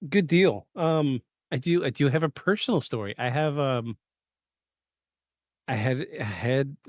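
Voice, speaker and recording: A man hosting a live podcast in casual chat, rambling with many fillers and clearing his throat from allergies. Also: mid-range voice, a little slow, dry recording. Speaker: podcast host. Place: home setup in the eastern US.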